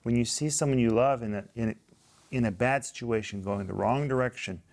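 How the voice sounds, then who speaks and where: A man co-hosting a Bible talk, chatting in a relaxed, warm way with fillers and restarts. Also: medium pitch, a little fast. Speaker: co-host. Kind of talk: casual conversation.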